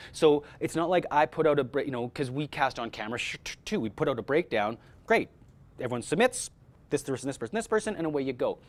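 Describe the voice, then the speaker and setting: A man with a voice on the high side speaks casually and with energy to a workshop audience about casting for voice-over. He restarts often and repeats words.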